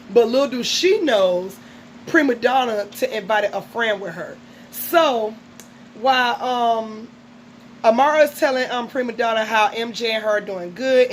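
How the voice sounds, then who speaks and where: A woman with a fairly high voice runs through a TV episode in casual, gossipy chat. She is full of fillers and asides. A faint background hum sits under her voice. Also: low-quality recording. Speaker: reality TV recapper.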